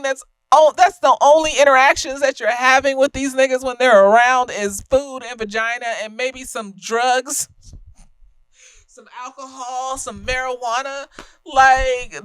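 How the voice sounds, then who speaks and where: A woman's voice: high-pitched, a bit bright, dry recording. A young woman giving a casual, slightly tipsy film review, profane and emphatic, laughing often.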